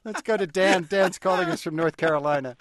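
A man's voice: high-pitched, a little fast, no room sound. A man hosting a radio talk show, easygoing and lightly amused. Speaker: radio host.

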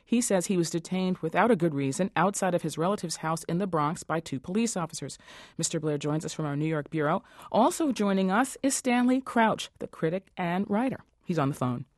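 Woman news host, lower voice, formal measured read, dry studio sound. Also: expressive, no echo. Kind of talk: scripted news presentation and interview.

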